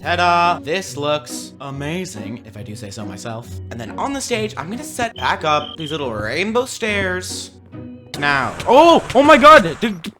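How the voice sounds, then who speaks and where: A man giving casual, playful gameplay commentary, chatting along and breaking into sudden excited outbursts. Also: a little high, moderate pace, hardly any pauses, music in the background. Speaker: gaming video creator.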